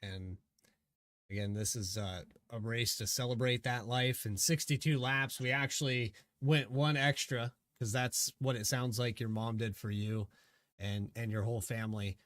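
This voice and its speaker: A man hosting a racing broadcast sign-off, emotional and grateful, his voice going hoarse late at night. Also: mid-range voice, steady tone, normal speed, a bit bright, no echo, studio quality. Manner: emotional, thankful, loosely rambling. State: losing his voice. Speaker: race broadcast host.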